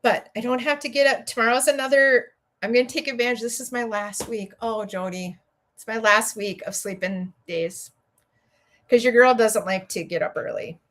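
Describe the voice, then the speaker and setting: A woman's voice: on the high side, fairly even intonation, normal speed, a bit bright. A middle-aged woman with a Minnesota accent, hosting a livestream from home and chatting with viewers in a rambling way, often laughing. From Minnesota, USA. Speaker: livestream host and educator. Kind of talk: casual livestream chat while building.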